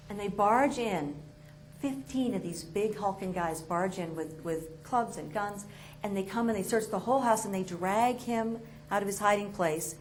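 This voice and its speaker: Animated New woman telling a story. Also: medium pitch, a little hiss or hum. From New York. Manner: animated, self-mocking, expressive. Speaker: motivational speaker. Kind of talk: storytelling speech to an audience.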